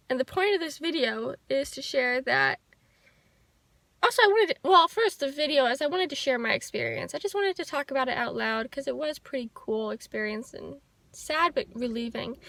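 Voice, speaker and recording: A young woman talking to the camera in a personal vlog, soft, heartfelt and reflective. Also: high-pitched, no echo. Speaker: vlogger. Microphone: handheld camera.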